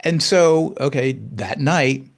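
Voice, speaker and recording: A man in his sixties, a guest telling a personal story in conversation, halting, with many restarts and repeated words, earnest and openly emotional. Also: on the high side, steady tone.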